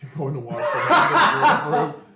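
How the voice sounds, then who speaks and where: A man co-hosting a podcast who chats in an animated, teasing way and acts out quotes. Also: on the high side, a little fast, roomy sound, heavy background noise. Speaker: podcast co-host. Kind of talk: casual chat.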